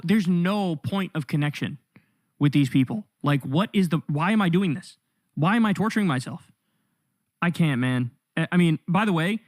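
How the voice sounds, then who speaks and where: An exasperated male commentator rants at length, full of profanity and disbelief. His pitch jumps around a lot, rising and falling as he vents. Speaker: political commentator. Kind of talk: profane political rant.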